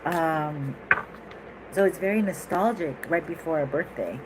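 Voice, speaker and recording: Woman tarot reader, lowish voice, rambling and chatty, noisy recording. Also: unhurried. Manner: chatty, animated, laughs often, rambling asides. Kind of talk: casual tarot reading.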